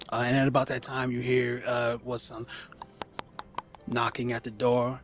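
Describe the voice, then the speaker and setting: A man's voice: mid-range voice, monotone, a little slow, long pauses, faint music behind. A man narrating a tabletop game as game master in a loose, filler-heavy storytelling manner.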